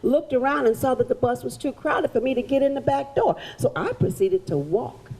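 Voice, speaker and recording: A woman performing as a historical figure, telling her story in the first person to children at a library in a theatrical, animated way. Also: sits high, moderate pace, low-quality recording. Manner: animated, theatrical, directs audience volunteers. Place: public library event room.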